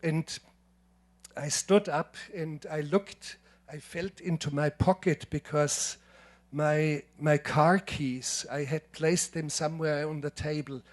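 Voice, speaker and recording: A man in his seventies with a German accent giving a lecture, telling anecdotes in a measured, emphatic way with frequent restarts. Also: on the high side, steady tone. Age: 70s. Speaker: filmmaker giving a masterclass. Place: lecture hall.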